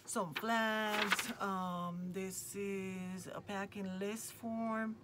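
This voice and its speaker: A woman's voice: mid-range voice, fairly even intonation, drawn-out words. A woman, hosting a craft channel and gushing over the crafting supplies she unboxes. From Puerto Rico. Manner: gushing, enthusiastic. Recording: noticeable background noise.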